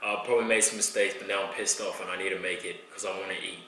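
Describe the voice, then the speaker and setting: A man's voice: low-pitched, steady tone, quick pace, sharp tone. A young man talking casually to the camera as he cooks in a home kitchen, rambling and slangy. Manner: slangy, rambling, talks to camera while cooking. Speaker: vlogger. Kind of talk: casual cooking vlog. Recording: echoey kitchen with clear background noise.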